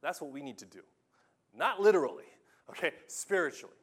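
A man preaching a sermon, telling stories with lively swings from loud urging to hushed, quiet lines. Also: on the high side, fairly quick, breathy edge.

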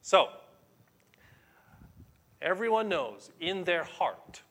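A man's voice: high voice, big pitch swings, drawn-out words, fairly bright tone. A middle-aged man preaching a sermon as pastor, emphatic and conversational, explaining scripture to his congregation.

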